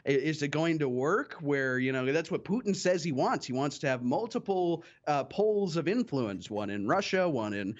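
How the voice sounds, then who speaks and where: A man on a podcast gives blunt, sardonic opinions in a fairly high voice. His audio sounds dull and muffled, as if through a lo-fi connection. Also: lively intonation, normal speed, few pauses. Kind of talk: political podcast discussion.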